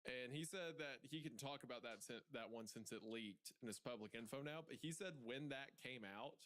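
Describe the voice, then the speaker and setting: A man's voice: mid-range voice, moderate pace, a bit bright. A young man in casual chat with friends, telling a story in a wry, teasing way and laughing often.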